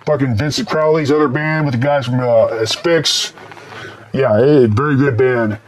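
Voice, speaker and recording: A man's voice: mid-range voice, fairly even intonation, normal speed, a little hiss or hum. A man with a mild Texas accent, speaking through a voice changer, answers viewer questions in blunt, profane, rambling casual chat.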